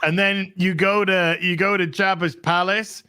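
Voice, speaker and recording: A man's voice: high voice, measured pace, clear, resonant tone, dry recording, studio quality. A British man co-hosting a comedy podcast, riffing in casual chat and slipping into silly voices. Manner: animated, riffs in silly put-on voices. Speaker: podcast co-host.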